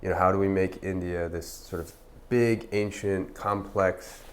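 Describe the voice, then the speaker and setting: A man in his thirties, a restaurant founder, telling stories in a relaxed, chatty way full of fillers. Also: low-pitched, measured pace, slight background noise. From United States. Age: 30s. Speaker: restaurant founder, podcast guest. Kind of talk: casual conversational storytelling.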